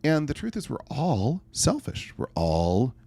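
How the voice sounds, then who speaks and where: A man's voice: medium pitch, unhurried, gravelly. A man, a life coach and podcast guest, talking emphatically and telling stories in a conversational interview. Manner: emphatic, animated storyteller.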